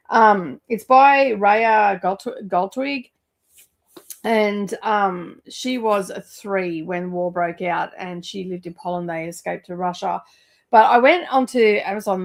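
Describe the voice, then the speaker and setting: A middle-aged woman chats casually about her reading, wandering from thought to thought with frequent ums. Her voice has a gravelly, creaky texture at a middle pitch. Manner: chatty, rambling with many fillers. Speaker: book vlogger. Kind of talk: casual chat.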